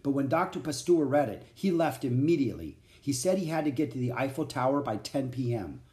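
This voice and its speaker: A kindly old night watchman answers slowly and politely, as a man reads him in a storybook. The man keeps the lines lively in pitch. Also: echoey room, close to an everyday voice. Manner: polite, unhurried.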